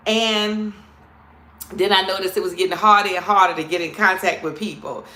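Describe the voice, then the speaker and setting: A woman's voice: mid-range voice, steady tone, moderate pace, bright, forceful tone. Chatty New Orleans woman in an echoey room. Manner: chatty, playful, calls viewers "girl" and "child". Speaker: comedian hosting a live stream. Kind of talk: casual live-stream chat.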